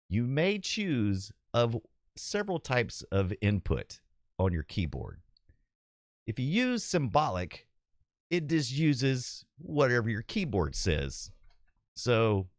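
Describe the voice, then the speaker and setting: Male livestream host with a dry, close sound, chatty and quick to laugh, his pitch bouncing all over. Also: no echo. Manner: animated, chatty, laughs often, reads viewer comments aloud. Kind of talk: casual livestream chat with viewers.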